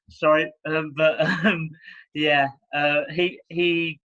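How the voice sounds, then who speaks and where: A man's voice: on the high side, flat delivery, pushed and bright. Hesitant young English man, dull call audio. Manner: hesitant, halting with fillers and laughs. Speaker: podcast co-host. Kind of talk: casual chat. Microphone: video call.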